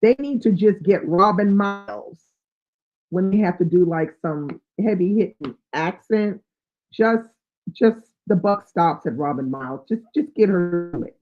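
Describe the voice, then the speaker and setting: A woman's voice: lowish voice, unhurried. A woman hosting a live book chat, reading out viewer comments and thinking aloud with fillers. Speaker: book channel host. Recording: tinny, phone-like sound.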